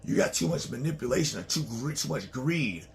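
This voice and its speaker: A man with a gravelly, low-fry voice, pitched in an ordinary middle range. He talks in a loose, profane, rambling way and laughs often. A faint background ambience sits under his voice. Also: animated, fairly quick, a little hiss or hum. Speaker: vlogger. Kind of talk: casual rambling monologue.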